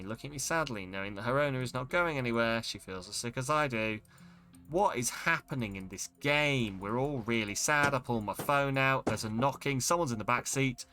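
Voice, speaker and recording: A man with a mid-range, sharp-toned voice streams a game from his home setup. He reads the game's text aloud dramatically, breaking off now and then with startled exclamations.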